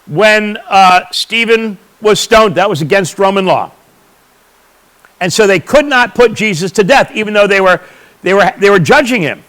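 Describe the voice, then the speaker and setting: A man's voice: high-pitched, moderate pace, fairly bright tone, rough recording. A man teaching a church audience, explaining points emphatically and answering his own questions. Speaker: Bible teacher.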